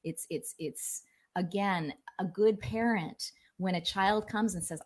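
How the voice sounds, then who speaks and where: A middle-aged woman, a life coach, giving a casual livestream talk with lots of fillers and restarts. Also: unhurried. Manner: acts out quoted voices with big pitch jumps.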